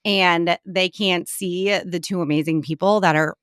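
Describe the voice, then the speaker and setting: A woman in her thirties co-hosting a podcast in casual chat, emotional and gushing with quick asides. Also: fairly low pitch, fairly even intonation, clean tone, dry recording, studio quality. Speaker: podcast co-host.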